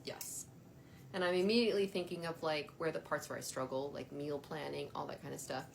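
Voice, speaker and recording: A woman's voice: low-pitched, steady tone, fairly quick, creaky, a little hiss or hum. A woman in her thirties hosting a casual spiritual livestream, chatty with frequent laughter and lots of filler words, talking into a phone. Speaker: spiritual dowsing host.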